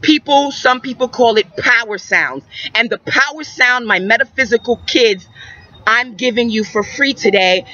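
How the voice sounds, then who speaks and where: A woman's voice: on the high side, normal speed, pushed and bright. A woman giving emphatic, repetitive spiritual advice to young viewers in a preacherly way. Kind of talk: metaphysical advice talk. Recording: dull lo-fi recording.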